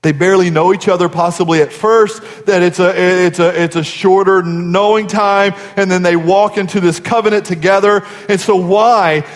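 High-voiced pastor preaching in a reverberant hall. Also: male voice, fairly even intonation, moderate pace, hardly any pauses. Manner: earnest, conversational storytelling. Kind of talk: sermon.

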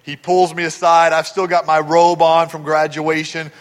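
A man from Texas delivers a sermon in a high, bright voice. He tells stories animatedly and keeps asking the congregation questions. His words trail off into the long reverb of a large church hall. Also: little pitch movement, normal speed. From Texas, USA. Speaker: pastor.

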